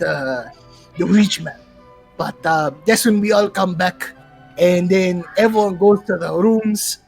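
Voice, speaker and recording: A boastful, eccentric masked showman, as a tabletop player puts him on tells the tale of his own deeds in a slow, gravelly and husky voice. He swings from drawn-out bragging into sudden shouted outbursts at voices only he hears. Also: medium pitch. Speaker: player recapping the last session. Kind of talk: in-character session recap.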